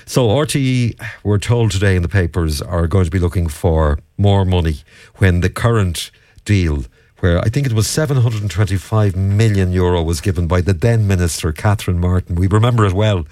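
An Irish man hosting a radio phone-in, talking briskly and cutting in to challenge his callers. His voice sits low. The studio sound is close and dry. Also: darkish tone, no echo. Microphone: studio microphone.

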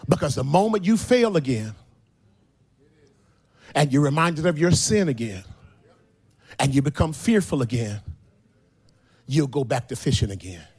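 A man preaching a sermon who tells scripture stories in casual slang and builds to a sung, shouted climax. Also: unhurried, long pauses, breathy edge. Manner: animated, drops low and quiet for storytelling, then rises to a sung, shouted climax.

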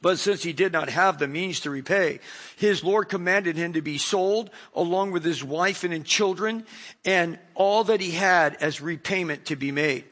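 A middle-aged man preaches a sermon at normal speed in a voice that sits high, reading a Bible passage and commenting as he goes. He's an animated storyteller who acts out the voices.

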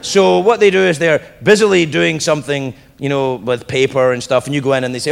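A man doing a stand-up comedy set, telling stories in animated fashion and slipping into put-on voices. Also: a little high, a little fast, gravelly, hardly any pauses. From England. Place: large comedy venue with live audience. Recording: echoey hall, noisy crowd.

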